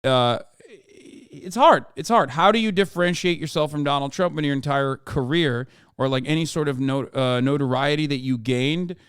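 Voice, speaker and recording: A male streamer riffing on the news in a high, smooth voice that rings clear. He is sardonic, profane and mocking, and the sound is dry and close with no room echo. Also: a little fast, hardly any pauses. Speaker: streamer host. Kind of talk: casual political reaction commentary.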